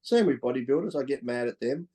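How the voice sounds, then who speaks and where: Speaking fast in a dark-toned, expressive mid-range voice, this middle-aged Australian, once a pro bodybuilder, shares candid stories as a podcast guest. He's blunt and worked up, dropping swear words and laughing between points.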